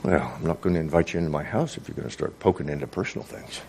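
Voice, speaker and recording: A man voicing a defensive, evasive male tax collector who answers with quick, self-assured brush-offs, as part of a sermon. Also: mid-range voice, big pitch swings, creaky, a little mellow, a little hiss or hum.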